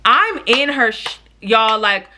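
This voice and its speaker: A young woman tells a storytime vlog straight to her viewers in a bright, forward voice set a little high. She is animated and frank, slangy and quick to curse. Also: slight background noise. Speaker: YouTuber.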